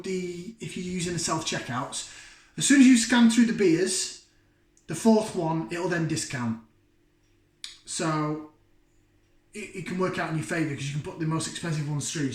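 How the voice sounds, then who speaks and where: Chatty beer vlogger, rambling, self-mocking, slightly higher voice, roomy echo. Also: male voice. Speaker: beer reviewer. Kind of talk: casual chat to camera.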